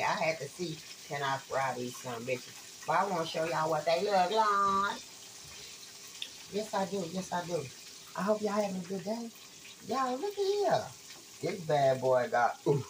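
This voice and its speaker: A woman's voice: on the low side, slight background noise, rough recording. Blunt, profane woman talking while cooking. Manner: profane, blunt, chatty, addresses viewers as y'all. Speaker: online spiritual reader. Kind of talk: casual rambling talk to viewers. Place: home kitchen while frying food.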